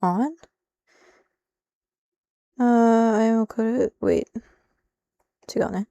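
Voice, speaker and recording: Woman streaming, thinking out loud in two languages, bit of vocal fry, dry close mic. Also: on the high side, slow, pauses often, dry recording. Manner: thinks aloud, mixes Japanese and English, laughs often. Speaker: streamer translating lines. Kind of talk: casual live-stream chat.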